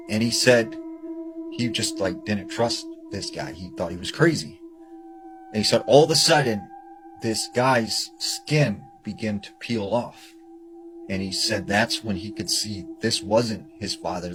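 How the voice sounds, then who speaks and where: A man's voice: sits low, poor audio. A man casually retelling a scary story he heard, loose and chatty with lots of fillers. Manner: loose and chatty, full of "you know" and "like". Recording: music bed under the voice.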